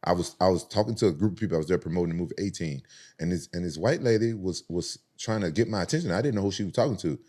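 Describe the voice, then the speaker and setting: A man's voice: deep voice, rapid-fire, mellow, husky. A man from the South, telling a rambling, profane story with frequent restarts on a casual podcast. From Southern United States.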